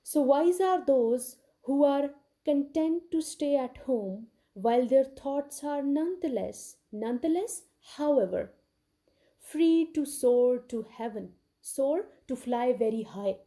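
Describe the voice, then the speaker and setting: Slow, mellow-voiced woman teaching literature. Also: high-pitched, animated. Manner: slow, repeats key words, checks understanding with "okay". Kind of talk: recorded classroom lecture.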